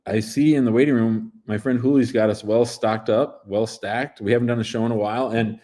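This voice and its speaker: A middle-aged man hosting a relaxed livestream, joking with his viewers. His voice sits at an ordinary male pitch, and he rambles from one topic to the next, asking the audience questions. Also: brisk. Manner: playful, chatty, jumping between topics. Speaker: immigration lawyer and show host. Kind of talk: casual livestream talk show.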